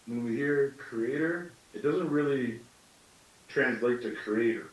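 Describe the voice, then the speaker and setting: A man's voice: mid-range voice, measured pace, roomy sound, recorded from a distance, poor audio. A man in his late thirties giving a thoughtful storytelling talk, often asking himself questions aloud. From Canada. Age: late 30s. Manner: thoughtful, with self-questioning asides. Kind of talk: reflective teaching talk.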